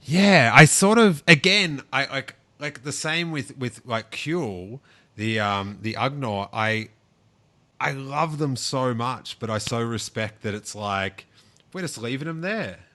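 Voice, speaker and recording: A man hosting a casual podcast chat, excitable and playful, often restarting his sentences. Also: medium pitch, slow pace. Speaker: podcast host.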